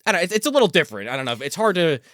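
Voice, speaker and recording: Man, chatty movie co-host, bright and expressive, dry close sound. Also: fairly high pitch, very fast, no echo. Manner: animated, chatty, with frequent restarts. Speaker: podcast co-host. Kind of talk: casual movie discussion.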